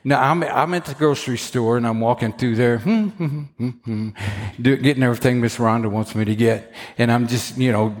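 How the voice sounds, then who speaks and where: A man preaching a sermon, telling a story with lively asides, acting out the voices of the people in it, and often repeating words as he starts a sentence. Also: mid-range voice, fairly quick. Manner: animated storytelling, acts out quoted voices. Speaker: pastor.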